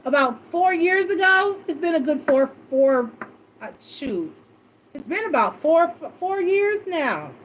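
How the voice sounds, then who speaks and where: A woman tarot reader telling a personal story in casual chat, animated and emotional, swearing freely. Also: extremely high pitch, measured pace, a little hiss or hum.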